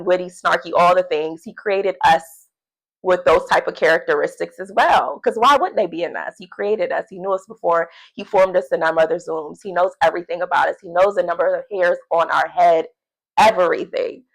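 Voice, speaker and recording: A woman talking casually in a devotional video journal, chatty and animated, often laughing and acting out quotes. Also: fairly low pitch, brisk, gravelly, low-quality recording. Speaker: faith vlogger.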